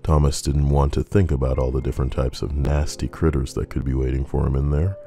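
Male horror storyteller, extremely deep voice, measured and even, soft music behind. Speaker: narrator. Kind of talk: scripted horror story narration.

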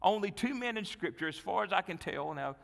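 A male pastor preaching a sermon, telling a Bible story with dramatic swings from loud, lively delivery to hushed, pleading tones. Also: sits high, brisk, vocal fry, in a large hall. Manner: dramatic storytelling, acting out Bible dialogue, dropping to hushed pleas. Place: church sanctuary.

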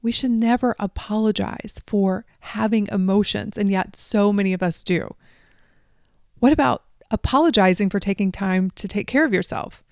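A woman's voice: medium pitch, dry recording. Woman hosting a podcast, dry close mic. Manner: addresses listeners directly, drops into soft asides. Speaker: life coach podcast host. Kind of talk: solo podcast monologue.

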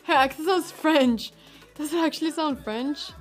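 A young woman streaming chess, commentating her own games with excitable exclamations and frequent laughter. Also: high-pitched, moderate pace, faint music behind.

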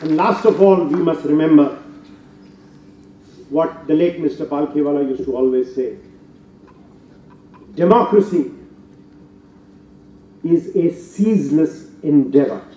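An older man with an Indian English accent giving a formal public lecture, emphatic and rising to forceful rhetorical peaks. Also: on the high side, a little slow, long pauses, slight background noise. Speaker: guest lecturer. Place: lecture hall. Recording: distant, roomy, dull hall recording.

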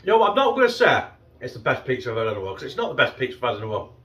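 A man's voice: mid-range voice, very animated, rapid-fire, a bit bright, muffled recording. A middle-aged man with a northern English accent reviewing a frozen pizza in a casual vlog, chatty and swearing freely, sometimes talking with his mouth full. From northern England. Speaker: food review vlogger.

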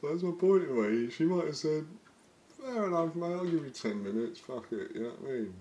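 A man's voice: fairly high pitch, lively intonation, dark tone. A man with a British accent giving laid-back, casual reaction commentary. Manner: laid-back, slow and chuckling. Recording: background noise.

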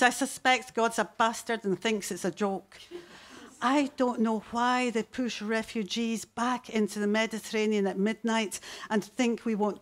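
A woman poet performs on stage before a live audience. Her voice sits in a middle register, and her recitation is slow and deliberate. Every so often it breaks into sudden fierce bursts. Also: mid-range voice. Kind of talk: poetry reading on stage.

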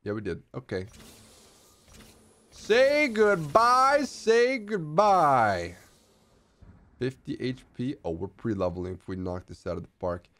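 A young man streaming a strategy game, giving casual commentary and often bursting into excited shouts. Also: deep voice, fast talker, hardly any pauses.

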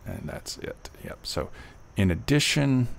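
A man tutoring test prep, reading passages slowly and then reasoning aloud through each answer with fillers and restarts. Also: mid-range voice, lively intonation, creaky, slight background noise. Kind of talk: walkthrough of test questions, thinking aloud.

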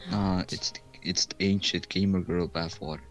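A man's voice: deep voice, steady tone, moderate pace, music in the background, poor audio. A man in a casual online voice chat, joking and needling the host. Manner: joking, playfully provocative. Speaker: stream community member.

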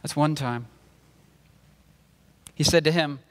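A pastor preaching a sermon, explaining scripture and reading verses aloud in a measured way. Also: male voice, a little high, lively intonation, fairly bright tone, in a large hall. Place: church sanctuary.

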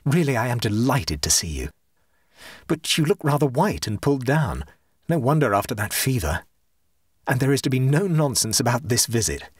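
A man reading the lines of a joyful, dreamy young gentleman in an audiobook ghost story, speaking them warmly and softly. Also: mid-range voice, big pitch swings, normal speed, husky, no echo, clean studio sound. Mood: hearty.

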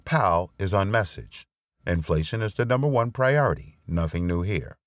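Male narrator, low voice, wry and expressive read, close-miked and dry. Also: moderate pace, no room sound. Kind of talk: reading a finance blog essay aloud.

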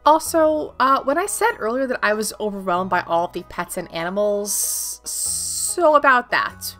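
A woman's voice: medium pitch, lively intonation, a little fast. A young woman, a gaming YouTuber, giving upbeat, playful scripted narration of her gameplay as a voice-over. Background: faint background music.

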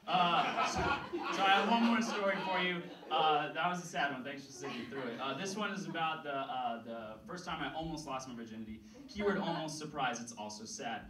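A man's voice: on the high side, brisk, roomy sound, recorded from a distance, crowd noise, rough recording. A young man telling rambling, self-deprecating stand-up stories, often laughing at his own jokes. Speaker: stand-up comedian. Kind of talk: stand-up storytelling. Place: comedy venue stage.

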